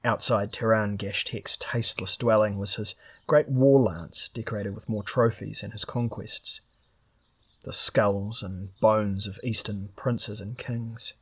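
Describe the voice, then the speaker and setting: A man reading a fantasy novel aloud as steady, scripted narration. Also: lowish voice, measured pace, breathy edge. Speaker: audiobook reader.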